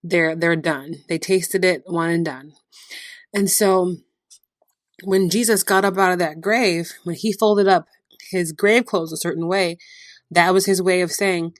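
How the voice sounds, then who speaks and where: A woman hosting a devotional podcast, retelling Bible stories in a lively storytelling way with frequent laughter. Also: lowish voice, unhurried, dry recording, clean studio sound. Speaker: podcast host.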